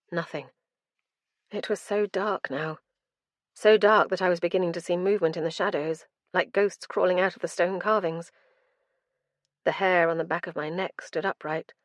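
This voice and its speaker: Low-voiced woman narrating dark fantasy. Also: fairly even intonation, moderate pace, pauses often, dry recording. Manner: dramatic, tense storytelling. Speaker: audiobook narrator. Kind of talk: first-person fantasy audiobook narration.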